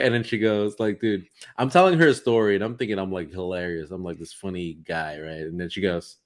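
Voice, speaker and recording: A young man co-hosting a casual comedy podcast, telling stories in an animated way and swearing a lot. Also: low voice, a little fast. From United States. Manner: animated storytelling with heavy swearing. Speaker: podcast co-host.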